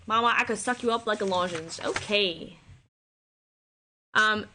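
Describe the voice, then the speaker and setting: A woman's voice: mid-range voice, a bit bright, a little hiss or hum. A woman streamer chatting casually as she rehearses a play, paraphrasing loosely with lots of "like" and "basically".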